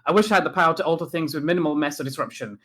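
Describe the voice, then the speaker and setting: A man's voice: on the high side, very fast, bright, forceful tone. A man doing a Leicester accent, voicing a cheerful, grumbling male co-host who is in the middle of a renovation and is reading out his own note. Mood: cheeky. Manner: mock-impression, upbeat and cheeky.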